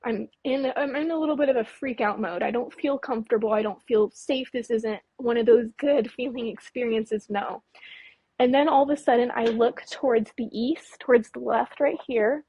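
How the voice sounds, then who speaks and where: A woman in her late twenties from California, a guest recounting a frightening experience in a halting, shaky voice, stumbling over words and apologizing. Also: fairly high pitch, warm tone, slightly rough, no room sound, low-quality recording. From California, Mojave Desert. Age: late 20s. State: nervous, voice trembling. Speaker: guest, UFO researcher.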